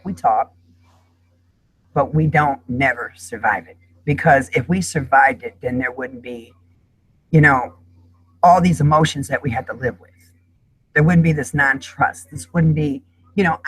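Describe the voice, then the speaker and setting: Woman, middle-aged, husky voice, forceful, impassioned panel guest. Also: low voice, a little slow, long pauses, low-quality recording. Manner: impassioned, emphatic. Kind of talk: emotional panel discussion.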